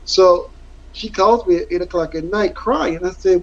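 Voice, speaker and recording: A middle-aged former football player, interviewed candidly, rambles earnestly through his story and repeats words for emphasis. His high-pitched voice moves at a moderate pace, and the recording is dull and lo-fi.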